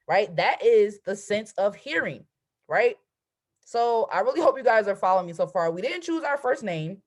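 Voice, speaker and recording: A woman's voice: medium pitch, expressive, normal speed. Emphatic young woman coaching on a live stream. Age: 20s. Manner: emphatic, keeps asking "right?". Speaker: trading coach and host. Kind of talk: motivational live-stream talk. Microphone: video call.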